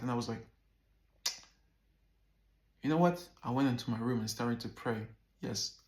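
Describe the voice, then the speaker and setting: A man vlogging a personal story in a casual, animated way, swearing often and acting out the dialogue. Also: mid-range voice, echoey room.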